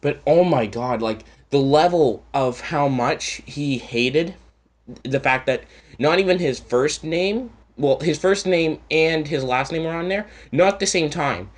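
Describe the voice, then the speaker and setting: A man's voice: fairly high pitch, a little slow. A man from Canada telling a story in a casual, rambling rant, swearing often and sarcastic. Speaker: channel host.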